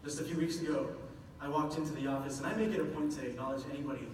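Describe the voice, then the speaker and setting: A man's voice: on the high side, steady tone, racing, a little mellow, distant mic, slight background noise. Man giving a talk in an echoey hall. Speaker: public speaker from a government office. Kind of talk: prepared public talk.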